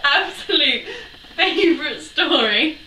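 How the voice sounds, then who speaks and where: Lively young woman, echoey room. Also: high-pitched, slow. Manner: giggly, chimes in with short comments. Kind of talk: casual co-host chat. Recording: echoey room from a distance, faint noise.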